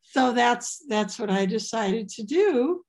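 A woman comedian talking casually in an interview, halting and restarting as she tells her story. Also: fairly high pitch, expressive, darkish tone. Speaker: comedian guest.

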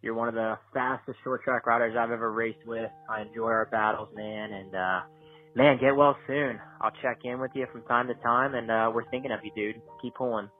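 A man's voice: medium pitch, steady tone, normal speed. A man leaving a friendly, supportive recorded phone message for a fellow racer. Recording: tinny phone line with faint music.

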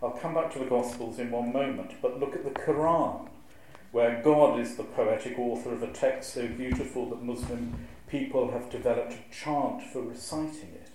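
A man, a clergyman, giving a lively, wry lecture to a live audience and reciting verse with a strong rhythm. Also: medium pitch, moderate pace, a little hiss or hum. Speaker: clergyman giving a talk on preaching. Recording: very echoey hall, faint ambience.

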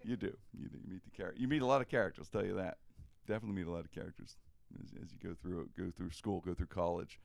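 Middle-aged guy telling a story on a podcast, laughs a lot, gravelly voice, dry sound. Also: deep voice, very fast, no echo. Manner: animated, laughing often through anecdotes. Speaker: podcast host. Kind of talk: casual storytelling.

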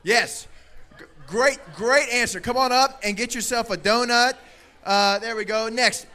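High, bright-voiced energetic youth pastor. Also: male voice, measured pace. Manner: energetic, playful, often calling out loudly to the crowd. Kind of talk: lively youth sermon with crowd interaction. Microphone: handheld microphone.

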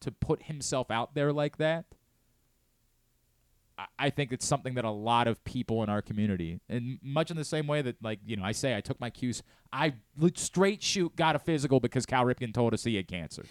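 A man's voice: mid-range voice, expressive, fairly quick, clear, resonant tone, no room sound. A man in his late thirties hosting a sports talk radio show, talking earnestly and candidly, often restarting his sentences. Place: radio studio. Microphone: close studio mic.

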